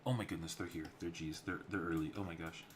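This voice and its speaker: A man voicing a fussing, apologetic tavern barkeep while pitching a story. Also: steady tone, fast talker, noisy background, lightly acted. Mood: flustered. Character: flustered, fawning male tavern barkeep. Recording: clear keyboard typing behind.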